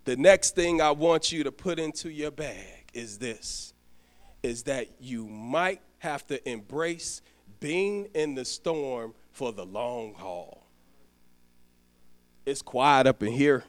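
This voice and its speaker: A man's voice: sits high, animated, measured pace, fairly bright tone. A man preaching a sermon as a church deacon, telling a personal story and speaking directly to the congregation, often stumbling and restarting his words. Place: church sanctuary.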